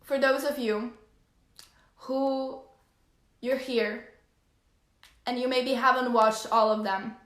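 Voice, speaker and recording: A woman hosts a motivational live stream in a gushing, effusive manner and is quick to tears. Her voice sits fairly high. The room adds a noticeable echo. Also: fairly even intonation, fairly bright tone. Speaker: life coach host.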